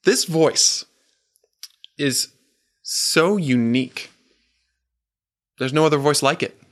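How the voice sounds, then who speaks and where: A married man preaching a sermon, earnest and emphatic, slowing down and questioning the audience. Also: fairly high pitch, a bit bright.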